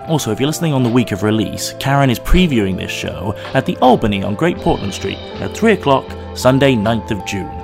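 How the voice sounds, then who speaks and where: A man's voice: mid-range voice, very animated, creaky, over music. A man from Oxford who hosts a podcast, speaking English with a slight American twang in a playful, cheeky, easily amused way. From England. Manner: playful, cheeky, quick to laugh. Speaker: podcast host. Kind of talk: casual podcast chat.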